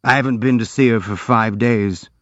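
A man's voice: medium pitch, normal speed, no echo, close to an everyday voice. Male reader doing a bitter, jealous young man, intense, dry and muffled audiobook sound. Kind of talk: audiobook dialogue reading.

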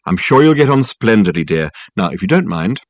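A male reader with a fairly low voice and big pitch swings voices a poised, older aristocratic mother who is brisk and sweetly ruthless. Her tone is sugary yet cutting, briskly sweet and coolly in control. The sound is dry and close, with no echo.

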